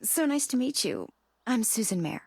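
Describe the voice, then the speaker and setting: Sweet divorced housewife, raspy and very sing-song. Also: female voice, a little high, very animated, moderate pace, a little mellow, no echo, exaggerated voice. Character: warm, awkward divorced housewife. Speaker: video game character.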